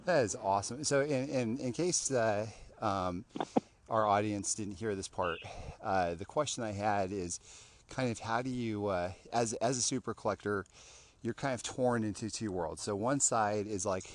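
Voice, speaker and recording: Podcast host, male, slightly low voice, loose and rambling delivery. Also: normal speed, slight background noise. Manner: rambling, lots of fillers and restarts. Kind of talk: casual interview chat.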